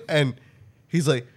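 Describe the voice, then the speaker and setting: A man hosting a podcast, telling a story in a loose, profane, animated way and often breaking into laughter. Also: on the high side, slightly rough. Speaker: podcast host. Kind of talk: casual storytelling chat.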